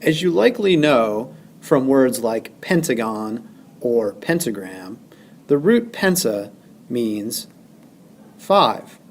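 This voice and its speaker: A man's voice: medium pitch, very animated, slow pace, a little hiss or hum. A male teacher lecturing over slides, stressing syllables and counting them aloud.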